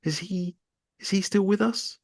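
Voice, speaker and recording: Man doing a female psychic medium, soft and probing, higher pitch, mystical questioning, dry close sound. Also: unhurried, vocal fry, no room sound, full character voice. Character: earnest female psychic medium, middle-aged.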